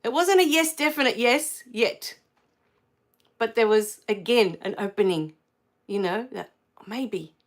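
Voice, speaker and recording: Australian woman, middle-aged, casual livestream storyteller; effusive, lifts into bright exclamations. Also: fairly high pitch, unhurried, pauses often. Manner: warm and effusive, rising to excited exclamations. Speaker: spiritual livestream host.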